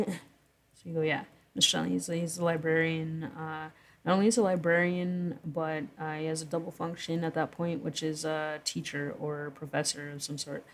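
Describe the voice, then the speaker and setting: A woman's voice: low-pitched, little pitch movement, normal speed. A woman talking through a story she wrote in casual vlog commentary, rambling, correcting herself and chuckling between thoughts. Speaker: writer explaining her own story. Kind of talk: casual vlog commentary reading from her draft.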